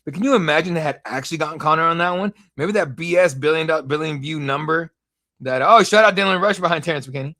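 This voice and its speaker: A young man hosting a live fight watch-along stream, rambling, excitable and profane in casual commentary. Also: fairly high pitch, quick pace. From United States.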